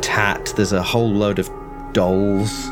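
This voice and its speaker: Low male game master, loose descriptive narration, music behind. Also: slow pace. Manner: relaxed, descriptive, hedging with fillers. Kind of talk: narrating a tabletop horror game.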